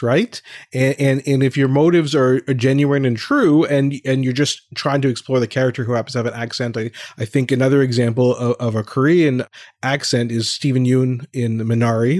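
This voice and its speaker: A middle-aged man with a voice of average pitch talks in a thoughtful, questioning way, often restarting as he works out what to say. He sounds dry and close to the mic. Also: a little mellow, dry recording. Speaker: podcast co-host. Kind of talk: casual discussion.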